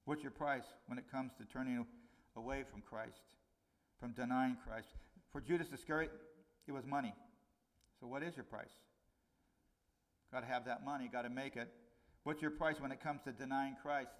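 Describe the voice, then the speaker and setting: A middle-aged man preaching a conversational sermon, his voice rising on key points and dropping low on warnings. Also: steady tone, normal speed, long pauses. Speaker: pastor.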